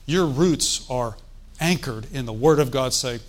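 A man's voice: medium pitch, a little slow. A man preaching a sermon in a conversational, folksy way, with joking asides and calls for the congregation to answer. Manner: asks the congregation for responses.

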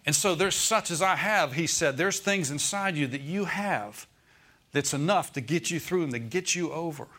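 In a church sanctuary before his congregation, an American pastor preaches emphatically, repeating key phrases and asking the room if they follow. His voice is a little high and a bit bright, at normal speed.

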